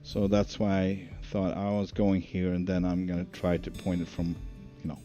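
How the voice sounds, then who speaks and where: A man's voice: deep voice, monotone, normal speed, warm tone. A man streaming a driving game, chatting casually and thinking aloud with many fillers. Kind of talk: casual live-stream commentary. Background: music.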